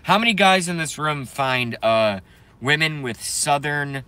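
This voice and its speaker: Casual streamer guy, bright clear tone, loose rambling delivery, jokes around with chat. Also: a little high, lively intonation, normal speed, no room sound. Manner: rambling, joking, reads chat aloud. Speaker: live stream host.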